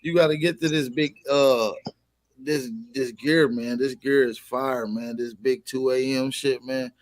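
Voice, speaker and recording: A man's voice: medium pitch, fairly even intonation, a little slow. Slangy man hosting a casual livestream. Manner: slangy, reads out and greets chat viewers; plugs merch with repeated calls to shop. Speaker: livestream host.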